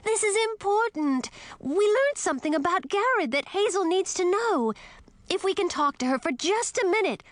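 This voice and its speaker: A woman voicing an earnest teenage princess who pleads in a high, breathless voice. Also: expressive, moderate pace, no echo. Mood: pleading.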